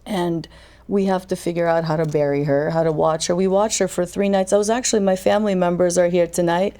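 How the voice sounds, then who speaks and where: A woman's voice: lowish voice, steady tone, fairly quick, dark tone. A woman in her forties from Albania, a podcast guest telling a personal story in vivid detail and acting out the voices she quotes.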